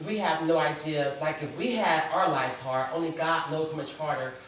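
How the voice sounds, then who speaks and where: A woman's voice: low voice, normal speed, a little hiss or hum. A middle-aged woman, a guest author, sharing a personal story on a talk show in an earnest, reflective way. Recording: echoey room, far from the mic.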